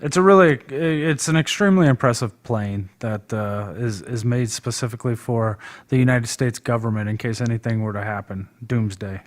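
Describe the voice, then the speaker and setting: A man in a loose, informal political chat who rambles on from one point to the next. His voice has an ordinary middle pitch, and he keeps the conversation flowing in an easygoing, chatty way. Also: moderate pace, hardly any pauses. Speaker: guest debater on a live stream. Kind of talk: casual political discussion.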